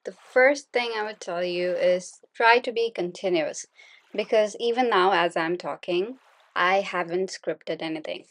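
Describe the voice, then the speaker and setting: Slow, patient woman teaching speaking. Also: fairly low pitch, dry recording. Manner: steady, continuous explaining, polite and patient. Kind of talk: unscripted spoken lesson.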